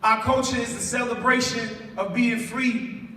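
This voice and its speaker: A man in his late forties from Chicago's West Side, giving a preacherly spoken-word speech to a school audience, calling for responses and building to loud emphatic lines. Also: very high-pitched, fairly even intonation, a little slow, slight background noise. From West Side of Chicago, USA. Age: 40s. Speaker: spoken word poet and speaker. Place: large school hall. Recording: echoey hall from far off.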